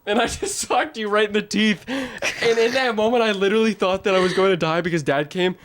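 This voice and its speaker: A man's voice: high-pitched, a little fast, fairly bright tone. A young man and podcast host chatting casually, laughing often, swearing freely and acting out the voices in his stories. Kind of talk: casual chat.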